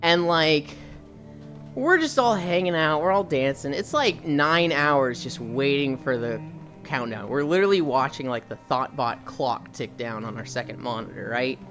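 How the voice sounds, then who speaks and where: Lively man telling a rambling story. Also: medium pitch, moderate pace, faint music behind. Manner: rambling, animated storytelling with casual swearing. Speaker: streamer. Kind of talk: casual chat, storytelling while walking on a treadmill.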